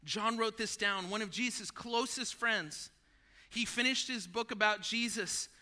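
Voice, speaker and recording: High bright-voiced animated male pastor. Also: a little slow. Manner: animated storytelling, acts out movie scenes; conversational preaching, addresses listeners as friends. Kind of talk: sermon.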